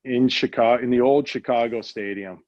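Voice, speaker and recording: A man's voice: medium pitch, steady tone, normal speed, darkish tone, no echo, dull audio. A middle-aged American man telling hockey stories in a casual interview, rambling with many restarts and fillers. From United States. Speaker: guest, hockey executive.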